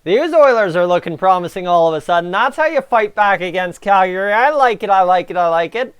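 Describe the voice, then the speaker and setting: Canadian dude livestreaming game reactions, highish clean voice, gets hyped, talks to chat. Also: male voice, fairly quick, smooth. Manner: excitable, chatty, talks to viewers. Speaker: livestream host. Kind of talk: live game reaction commentary.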